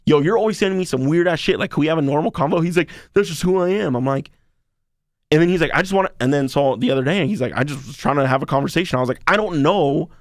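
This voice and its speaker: A man's voice: fairly high pitch, quick pace, no echo, clean studio sound. A young man co-hosting a podcast, telling a rambling story in casual chat and swearing freely. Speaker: podcast co-host.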